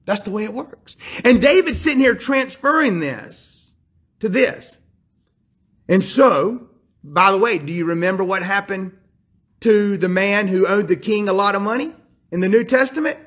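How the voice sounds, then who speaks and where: A male pastor delivers a sermon with a high voice and a husky, slightly rough edge. He retells a scripture story and turns to the congregation with emphatic questions and direct appeals. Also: animated, normal speed, a bit bright.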